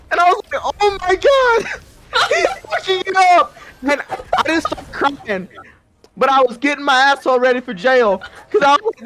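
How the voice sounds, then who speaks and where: Very high-voiced young man telling a story. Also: a little hiss or hum. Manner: animated, laughs often, swears freely, acts out quotes. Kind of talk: casual storytelling over game voice chat.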